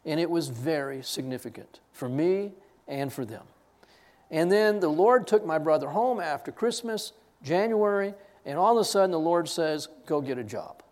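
A man's voice: on the high side, normal speed. A man, a preacher telling a personal story in a sermon, self-deprecating and full of restarts. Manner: animated, self-deprecating anecdote with many restarts. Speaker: pastor.

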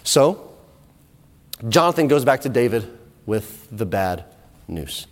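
A man preaching a sermon in animated storytelling style, often repeating words, in an echoey hall. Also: mid-range voice, slow pace.

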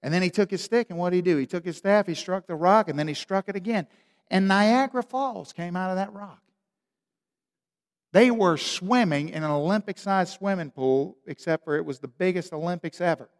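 Male pastor, emphatic sermon delivery, high-pitched, echoing church hall. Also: brisk. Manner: animated, emphatic storytelling.

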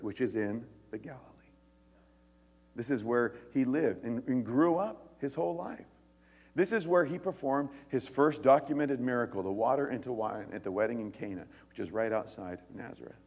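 A man preaching a sermon in a conversational, animated way, with asides and jokes between scripture readings. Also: mid-range voice, breathy edge. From United States. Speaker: pastor. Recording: echoey hall.

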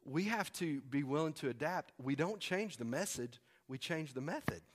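A man's voice: fairly high pitch, expressive, moderate pace. A man preaching a sermon as a pastor, conversational and emphatic, repeating key lines for weight.

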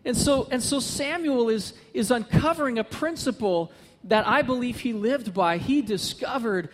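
A male pastor delivering a sermon with a notably high, light voice, earnest and repeating his points for emphasis. His voice carries a long reverb from a large church hall, with a faint hiss of noise behind it. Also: lively intonation, moderate pace. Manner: earnest, builds to emphatic repetition.

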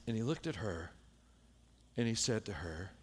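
A man preaching a sermon, telling a story with lively shifts between hushed and loud delivery. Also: lowish voice, moderate pace, breathy edge. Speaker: pastor.

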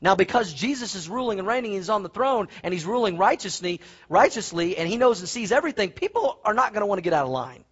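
High-voiced, husky preacher. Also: male voice, fast talker, few pauses, highs cut off. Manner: animated, folksy storytelling with asides. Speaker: pastor. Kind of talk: sermon.

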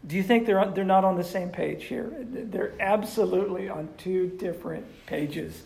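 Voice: medium pitch, normal speed, creaky, dark tone. A pastor giving a conversational sermon who tells stories and asks the audience questions. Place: room with a live audience. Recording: roomy echo with faint background noise.

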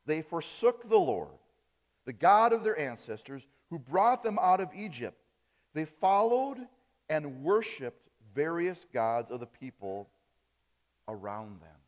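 A man from Wisconsin preaching a sermon as pastor, rising on key phrases and dropping soft at the ends of lines. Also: fairly high pitch, very animated, takes it slowly. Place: church sanctuary. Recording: reverberant church hall.

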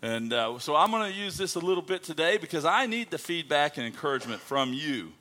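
A man's voice: on the high side, very animated, fairly quick, bright, forceful tone. A man preaching as a guest missionary in a church, playful and joking with the congregation. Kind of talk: sermon opening with jokes. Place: church sanctuary.

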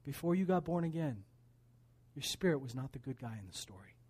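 A man preaching a sermon, animated, swinging between loud emphatic lines and hushed asides. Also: medium pitch, fairly quick, breathy edge. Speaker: pastor.

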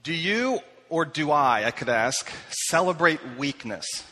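A man's voice: on the high side, very animated, a little slow, bright, forceful tone. A middle-aged man preaching a sermon, telling self-deprecating personal stories with many fillers and restarts. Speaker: pastor. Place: church hall. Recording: long hall reverb.

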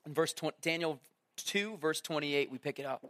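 A man with a notably high voice gives a relaxed, conversational sermon. He speaks casually and tosses in asides and questions to his listeners. He often slips into little acted-out quotes as he tells the story. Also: moderate pace. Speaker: preacher.

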